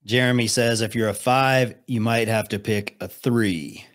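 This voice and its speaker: A man's voice: on the low side, fairly even intonation, unhurried. A young man hosting a live stream, reacting to videos with dry, sarcastic remarks and reading out chat. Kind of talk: casual live-stream commentary.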